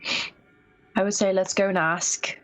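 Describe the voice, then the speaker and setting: A woman's voice: medium pitch, fairly even intonation, normal speed, faint music behind, rough recording. A woman player earnestly arguing for a plan in a tabletop game, often repeating and restarting her words. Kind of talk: tabletop game strategy chat.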